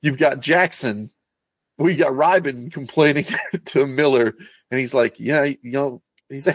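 A man's voice: mid-range voice, moderate pace, husky, no room sound. A man chatting casually about a film, rambling and swearing as he acts out scenes. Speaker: podcast co-host.

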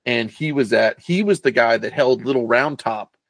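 A man's voice: mid-range voice, normal speed, no echo. A man chatting casually about a film, rambling and swearing as he acts out scenes. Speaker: podcast co-host.

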